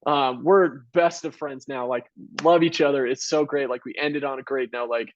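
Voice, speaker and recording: A man's voice: medium pitch, steady tone, normal speed, dull audio. A man around thirty, a college track coach, answering interview questions casually and earnestly, with many "you know" and "like" fillers. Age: about 30.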